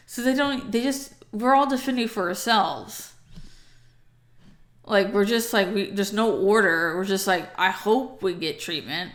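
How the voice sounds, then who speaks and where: A woman's voice: mid-range voice, a little slow. A young woman casually recounting a story in a rambling way, with lots of fillers and restarts, sounding tired.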